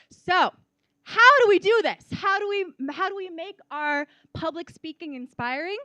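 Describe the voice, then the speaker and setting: Woman workshop presenter, unhurried delivery, bright high register, close dry sound. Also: no echo. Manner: animated teacher, stresses words and checks in with "okay?". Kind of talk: public speaking workshop lesson. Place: workshop room.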